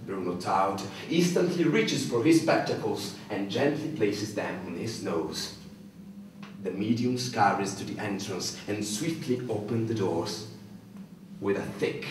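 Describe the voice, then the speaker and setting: A man reads stage directions aloud in a declamatory voice of ordinary pitch. He sounds distant from the microphone. A strong echo fills the room. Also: slight background noise. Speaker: narrator. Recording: echoey room, voice from far off.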